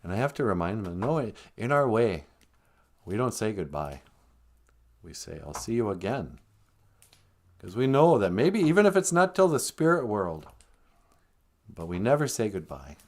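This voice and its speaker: A man voicing a chatty, teasing old Ojibwe grandmother with a Minnesotan accent, hosting a comedic live stream in a sing-song drawl. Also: very animated. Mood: earnest. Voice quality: sing-song, swooping pitch, slow drawl.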